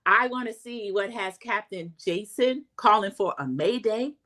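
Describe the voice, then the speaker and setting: A woman's voice: unhurried, pushed and bright. Chatty woman recapping a show. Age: middle-aged. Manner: chatty, acts out quotes in a high voice, says "y'all". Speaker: recap host. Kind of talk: casual recap commentary.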